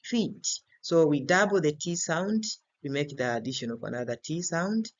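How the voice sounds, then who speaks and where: A man's voice: on the high side, lively intonation. A man teaching an English grammar and pronunciation lesson, repeating each word several times to model its stress. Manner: slow and deliberate, repeats words many times to model stress. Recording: slightly dull lo-fi recording.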